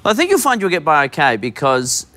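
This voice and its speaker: A man's voice: fairly high pitch, huge pitch swings, quick pace, fairly bright tone, no echo. A man with an Australian accent hosting a talk show, teasing and joking with his guests. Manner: playful, teasing. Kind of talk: joking interview.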